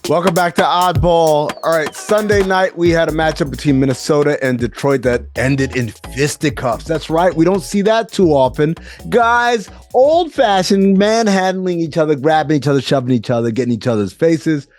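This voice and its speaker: A man hosting a sports podcast, talking in animated, teasing banter. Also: fairly high pitch, moderate pace, few pauses, faint music behind. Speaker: podcast host. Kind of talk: casual sports talk.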